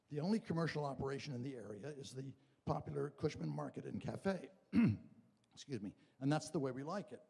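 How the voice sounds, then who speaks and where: A man's voice: on the high side, warm tone, husky. Man arguing in an echoey meeting hall. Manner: measured, deliberate, argumentative. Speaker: town meeting member speaking from the floor. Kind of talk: formal public statement. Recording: long hall reverb.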